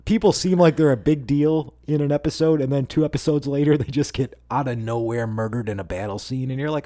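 A man's voice: mid-range voice, fairly quick, hardly any pauses, mellow, no echo, clean studio sound. A man co-hosting a casual chat show, rambling and wry, with plenty of fillers. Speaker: podcast co-host.

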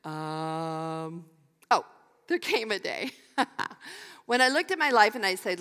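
An older woman pastor preaching a sermon, animated and emphatic, laughing easily and repeating key phrases. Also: mid-range voice, slow pace, long pauses, clean tone. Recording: long hall reverb.

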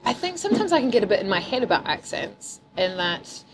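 A woman's voice: mid-range voice, very animated, fairly quick, background noise. An Englishwoman who teaches improv, chatting casually with fillers and frequent laughs. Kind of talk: casual chat.

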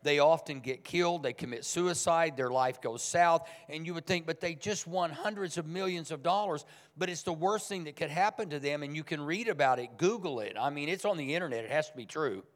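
A man's voice: fairly high pitch, fairly quick, in a large hall. A man preaching a sermon as pastor, speaking in a conversational but emphatic way. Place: church sanctuary.

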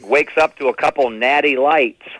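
A man's voice: mid-range voice, moderate pace, no echo, low-quality recording. A middle-aged man doing stand-up comedy, telling family stories and slipping into impressions of his relatives. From New England. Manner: animated, slips into impressions of relatives.

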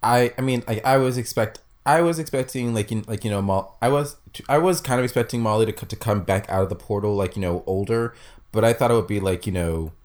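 A man with a low-pitched voice joins a casual podcast chat. His delivery is halting, and he repeats words while he works out what to say. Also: darkish tone. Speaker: podcast co-host.

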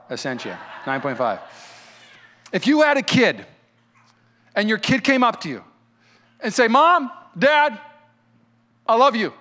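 A male pastor preaching a sermon in a fervent, fired-up manner with quick repeats. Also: medium pitch, a bit bright.

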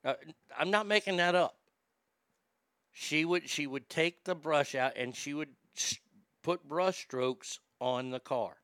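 A man's voice: on the high side, takes it slowly, fairly bright tone, clean tone, no echo. A man casually telling candid, profane, rambling stories to a familiar audience. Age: adult. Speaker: storyteller.

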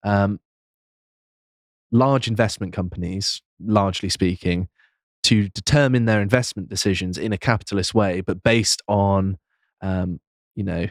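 A man's voice: on the low side, no echo, studio quality. A man co-hosting a political podcast, casually explaining and reading out quotes with frequent ums. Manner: reads quotes aloud, measured, frequent ums. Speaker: podcast co-host.

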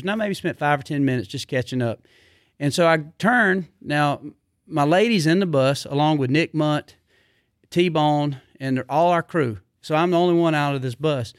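Excitable man telling a story. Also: a little high, no room sound, clean studio sound. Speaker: hunting show host, podcast guest. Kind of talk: casual storytelling.

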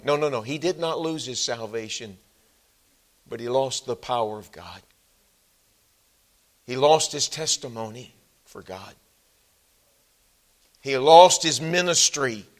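Man preaching with loud emphatic swells. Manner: rises to loud emphatic peaks, then drops low and quiet. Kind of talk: sermon. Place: church sanctuary.

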